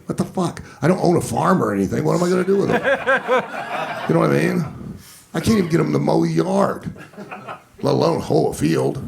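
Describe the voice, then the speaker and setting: Gravelly man telling stand-up stories. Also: fairly high pitch. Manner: profane, animated storytelling. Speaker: stand-up comedian. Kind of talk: stand-up storytelling. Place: comedy club stage.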